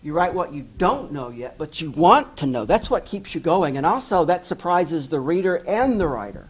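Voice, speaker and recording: A man's voice: a little high, big pitch swings, normal speed, breathy edge, low-quality recording. A middle-aged man, an author, giving a candid, self-deprecating storytelling address and acting out the voices of people he quotes. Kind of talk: personal storytelling speech.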